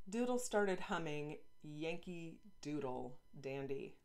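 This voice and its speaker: Woman, author, storybook read-aloud, low pitch, expressive, playful. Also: slow, few pauses. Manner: lively, playful asides. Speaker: author reading her book.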